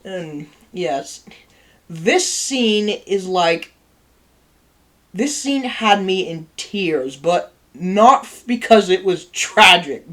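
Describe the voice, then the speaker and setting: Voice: mid-range voice, expressive, very slow, fairly bright tone. A channel host giving a casual spoken review, rambling with many ums and likes and laughing easily.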